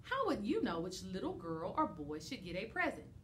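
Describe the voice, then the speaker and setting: A gentle, questioning old Santa, voiced by a woman reading a storybook aloud. His lines swing up and down with lively pitch, and a faint hum sits behind them. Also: normal speed. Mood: kindly. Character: jolly old man Santa quizzing helpers.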